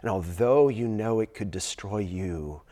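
A pastor preaching a sermon, moving from a quiet, hushed retelling of a story to emphatic, raised preaching. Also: male voice, lowish voice, unhurried.

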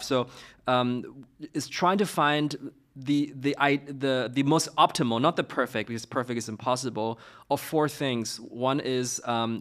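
A man's voice: medium pitch, fairly bright tone. A middle-aged man, a startup co-founder, answering interview questions casually, with many fillers and restarts.

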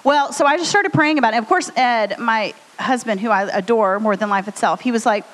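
A bubbly woman with a fairly high voice chats on stage, co-hosting a live storytelling podcast. She rambles along in an animated, friendly way. Her voice rings out with a long hall reverb. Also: a little fast, few pauses. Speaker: podcast co-host. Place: stage before a live audience.

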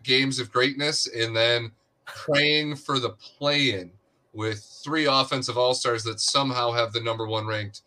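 A man's voice: mid-range voice, steady tone, a little slow, bright, forceful tone. A man co-hosting a casual sports podcast, making sarcastic jabs.

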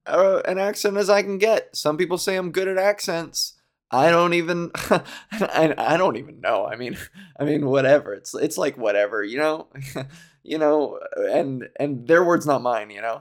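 A man comedian hosts his own podcast alone, rambling and giggling as he improvises. His voice sits a little high for a man. He talks in a loose, casual, off-the-cuff way. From Ontario, Canada. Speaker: podcast host. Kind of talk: casual solo podcast chat.

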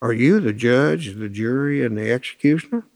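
A man's voice: medium pitch, lively intonation, normal speed, creaky, a little mellow. A man telling plainspoken, colloquial anecdotes with lots of quoted dialogue, in a folksy storytelling talk.

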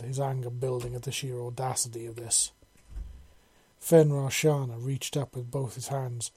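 A man reads a science-fiction fan story aloud in steady, descriptive narration. His voice is dark and slightly husky, recorded close and dry. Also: medium pitch, no room sound.

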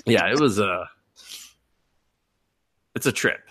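This podcast co-host speaks slowly in a fairly low voice, captured dry with clean studio sound. He tells anime recaps as lively stories, performing quotes amid profanity and laughs in relaxed conversation.

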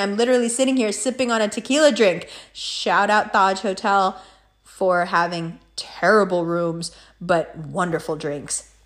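A young woman telling a story to her viewers in a casual, profane monologue, acting out both sides of an argument. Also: medium pitch. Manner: profane, animated, acts out both sides of a quarrel.

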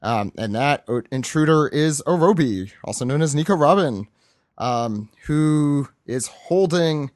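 A man's voice: a little high, expressive, unhurried, darkish tone, dry recording, clean studio sound. A man hosting a podcast, casually recapping a comic chapter and putting on voices for the characters' lines. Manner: rambling, acts out quoted lines with voices. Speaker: podcast host.

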